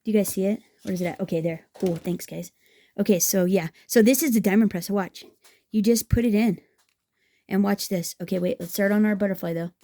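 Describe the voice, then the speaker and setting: A woman with a soft, mellow tone talks through a scrapbooking project in a relaxed, chatty way. She gushes with enthusiasm and often restarts her sentences as she thinks aloud. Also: mid-range voice, a little fast. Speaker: craft vlogger. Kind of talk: casual craft tutorial chat.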